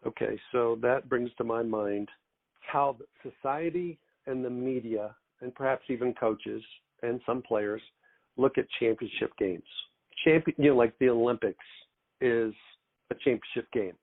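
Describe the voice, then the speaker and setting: A middle-aged man hosts in a measured way, building up long questions step by step. His voice is gravelly, with a mid-range pitch. It comes through a tinny, phone-like line. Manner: deliberate, long wind-up questions. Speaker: podcast host. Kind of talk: interview questions.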